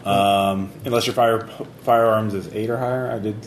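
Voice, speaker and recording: A man's voice: on the low side, steady tone, moderate pace, echoey room, slight background noise. A man narrating a tabletop game as game master, rambling with many fillers and restarts.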